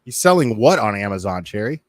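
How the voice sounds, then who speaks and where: A man's voice: lowish voice, big pitch swings, fairly quick, no room sound. A man ranting profanely and heatedly as a streamer, commenting on a video and talking to his chat.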